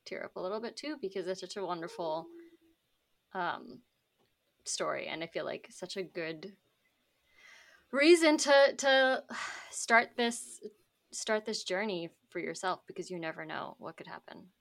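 A woman's voice: fairly low pitch, lively intonation, a little slow, gravelly, long pauses. A woman co-hosting a podcast, speaking casually with some hesitation and moving the talk along. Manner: warm, hesitant with fillers, steering to next segment. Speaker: podcast co-host.

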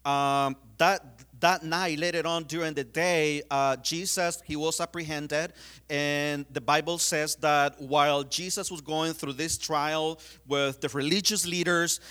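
Male preacher, high bright voice, casual sermon with lots of fillers. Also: steady tone, measured pace, smooth. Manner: conversational, many fillers, retells scenes.

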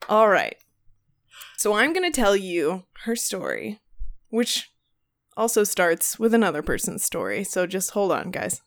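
A woman's voice: medium pitch, wildly swooping pitch, takes it slowly, pauses often. A young adult woman telling a story in casual chat, rambling with many ums and restarts, laughing and swearing as she goes. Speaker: podcast co-host.

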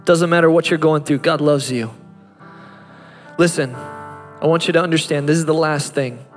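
A man's voice: fairly high pitch, steady tone, moderate pace. A man in his thirties, a pastor preaching a sermon with impassioned delivery that climbs to fervent peaks. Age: 30s. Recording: reverberant hall with music behind.

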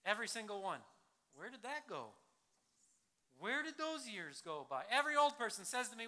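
High bright preacher in a reverberant hall. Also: male voice, sing-song, normal speed. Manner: dramatic swings from loud punchy emphasis to hushed low lines, acts out quotes. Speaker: pastor. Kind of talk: sermon.

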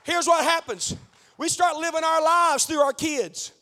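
Middle-aged male pastor, very high-pitched, fiery preacher who swings from shouting to near-whispers. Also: a little slow, big-room sound. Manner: shouting, swinging between loud preaching and hushed pleading. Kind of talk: fiery Pentecostal-style sermon.

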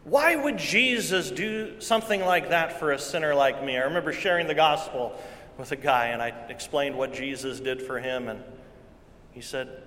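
Man preaching a sermon, fairly bright voice, earnest and repetitive, recorded in a reverberant church hall. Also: fairly high pitch, moderate pace, a little hiss or hum. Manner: earnest preaching with repeated phrases, swings from loud to hushed. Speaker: pastor.

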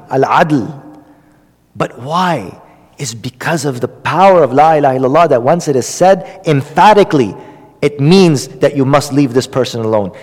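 A man with a fairly high voice delivers an Islamic lesson to a gathering. He talks conversationally, leaning on fillers and repeating key phrases for emphasis. His voice carries a long hall reverb. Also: a little mellow. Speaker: religious lecturer.

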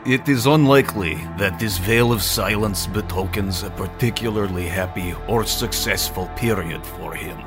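A man voicing a grave Russian historian, reading slowly and formally in a put-on Russian accent. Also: lowish voice, over music, lightly acted. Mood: solemn.

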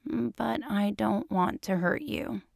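A woman's voice: mid-range voice, takes it slowly, vocal fry, a little mellow, no room sound, clean studio sound, exaggerated voice. A woman doing a mopey, sheepish male agent.

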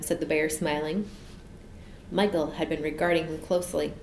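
A woman narrating a children's storybook in a gentle, measured way. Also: low-pitched, steady tone. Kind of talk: storybook reading. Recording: echoey room, faint noise.

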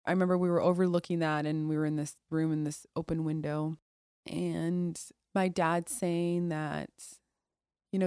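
A woman with a somewhat low voice tells her personal story to an interviewer in a candid, conversational way. She restarts her sentences and often drops soft and quiet. Her voice sounds close and dry, with no room echo. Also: flat delivery, moderate pace, clean tone. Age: adult. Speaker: podcast guest, Air Force officer.

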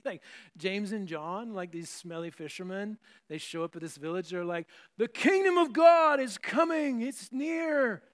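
A man pastor giving a conversational sermon, often restarting phrases and adding asides. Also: fairly high pitch.

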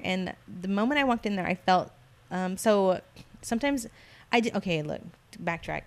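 A woman in casual chat, telling stories in a slangy, animated way and acting out the voices of the people she quotes. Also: mid-range voice, moderate pace, few pauses.

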